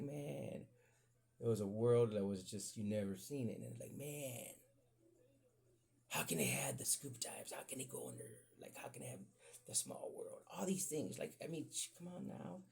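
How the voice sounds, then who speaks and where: A man's voice: fairly high pitch, creaky, mellow, husky. A man casually telling rambling, profane stories on a podcast and acting out the quoted voices of his family. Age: adult with children. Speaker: podcast host. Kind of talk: casual storytelling.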